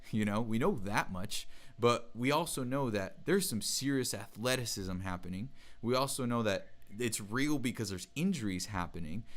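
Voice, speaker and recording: A man hosting an interview podcast, musing in an easygoing, casual way. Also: mid-range voice. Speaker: podcast host.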